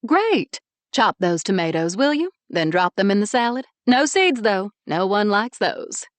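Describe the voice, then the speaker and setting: A woman's voice: mid-range voice, measured pace, dry recording. Woman voicing a bossy bustling mom. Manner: bustling, commanding, lively. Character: bossy cheerful middle-aged mother.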